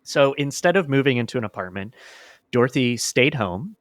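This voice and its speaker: A man hosting a podcast and telling a true story in a casual, animated way. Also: mid-range voice, normal speed, no echo, studio quality. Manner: animated, plays characters in reenactments. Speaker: podcast host.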